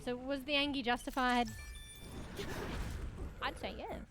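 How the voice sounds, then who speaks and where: A woman streaming a game, giving live commentary, cursing often and shouting callouts to teammates. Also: sits high, fairly even intonation, unhurried. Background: background music.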